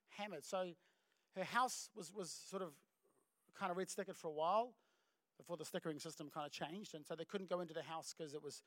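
A middle-aged New Zealand pastor preaches from a church stage, his voice pitched high for a man. He tells stories with animated energy, acting out the voices of the people in them. The sound is dry and close, with little room echo. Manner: animated storytelling with acted voices and laughs. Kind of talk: sermon.

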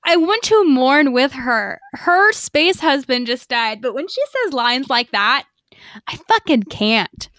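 Chatty high-voiced woman podcast host. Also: expressive, slow pace, fairly bright tone, no room sound, studio quality. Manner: chatty, profane, lots of fillers and acted quotes. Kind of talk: casual episode recap.

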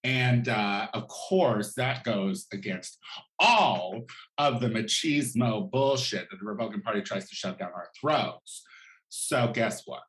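Sassy, campy man ranting with swooping pitch. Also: expressive, measured pace, fairly bright tone. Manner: sassy, campy, profane, exaggerated outbursts. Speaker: vlogger. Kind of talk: comedic rant. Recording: echoey room.

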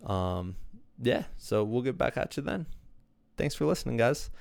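A man's voice: medium pitch, moderate pace, vocal fry, no echo. Laid-back podcast host guy, rambly, lotsa ums, dry close mic. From Iowa. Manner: relaxed, rambling, lots of fillers. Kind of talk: casual podcast chat.

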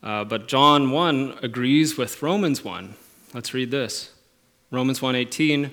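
A man preaching a sermon, earnest, moving from quiet reflective phrases to emphatic, stressed lines. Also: medium pitch. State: emotional at moments. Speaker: pastor.

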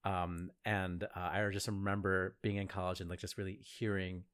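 A man's voice: low voice, little pitch movement, normal speed, a bit bright. A man co-hosting a podcast, chatting casually about opera with many fillers and easy laughs. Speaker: podcast co-host.

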